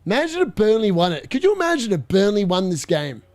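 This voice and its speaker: A young man hosting a live fantasy football watchalong, chatty and excitable as he reacts to scores. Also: high-pitched, fast talker, dry recording. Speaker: fantasy football livestream host.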